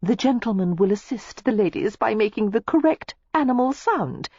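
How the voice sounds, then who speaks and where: Woman playing a bright genteel hostess lady, cheery, a bit raised, dry dull sound. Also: on the high side, expressive, moderate pace, breathy edge, dry recording, pitched above the performer's own voice. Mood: cheerful. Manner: gay and genteel. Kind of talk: audiobook character voice.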